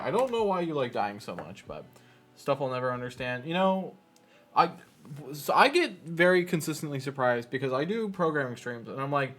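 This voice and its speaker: A man's voice: medium pitch, fairly bright tone. A man streaming while he programs, muttering to himself, scolding his code and turning to joke with his viewers. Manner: self-mocking, laughs with viewers. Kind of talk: casual chat while programming.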